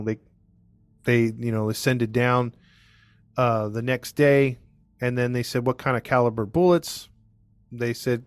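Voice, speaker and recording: Male host, mid-pitched, loose conversational storyteller who rambles through a case. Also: clean tone, no room sound. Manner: rambling, filler-heavy, restarts often. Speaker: podcast host telling a true-crime story. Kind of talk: casual storytelling to co-hosts.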